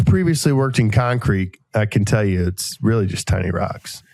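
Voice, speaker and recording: Animated storytelling man, dry sound. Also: moderate pace, creaky, no room sound. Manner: animated storyteller, acts out quoted voices with jumps in pitch. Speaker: podcast host. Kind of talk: casual storytelling chat.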